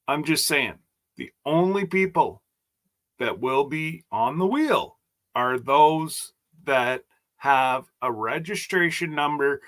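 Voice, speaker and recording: A man's voice: mid-range voice, a bit bright. A man hosting a casual livestream chat, rambling and joking as he stumbles over his words. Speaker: host.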